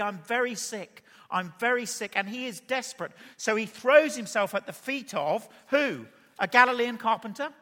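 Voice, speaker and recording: A man delivers a sermon from the front of a church, with a high and bright voice. He preaches in an animated way and keeps putting rhetorical questions to the congregation. His voice carries a long reverb through the hall.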